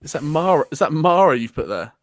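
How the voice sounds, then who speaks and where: A man's voice: on the high side, big pitch swings, fast, dry recording. An English man co-hosting a football fan live stream, teasing his partner and often restarting his sentences. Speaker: co-host of a football fan show. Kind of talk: casual live-stream chat.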